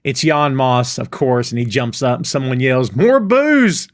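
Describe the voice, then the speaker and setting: A man's voice: medium pitch, little pitch movement, moderate pace, no room sound, studio quality. A man co-hosting a casual review podcast, enthusiastically recapping scenes with a laugh here and there. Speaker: podcast co-host.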